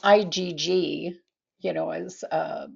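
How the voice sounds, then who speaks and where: A woman speaking slowly and hesitantly with many fillers, chatting in an online support group. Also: lowish voice, fairly even intonation, creaky, dull audio, a little hiss or hum. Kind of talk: casual video call chat. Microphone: video call.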